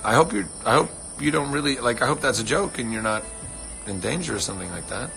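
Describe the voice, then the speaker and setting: A man's voice: mid-range voice, animated, fast, gravelly, fairly bright tone, soft background music. A man hosting a casual livestream, rambling earnestly and swearing freely as he answers fans. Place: home on a ranch.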